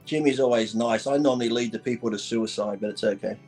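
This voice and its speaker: A man co-hosting a casual podcast, spinning joking stories with lively, animated delivery. His voice sits in a middle register, relaxed and conversational. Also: medium pitch, quick pace, husky, faint music behind. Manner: animated anecdote-telling, joking. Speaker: podcast co-host. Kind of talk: casual storytelling chat.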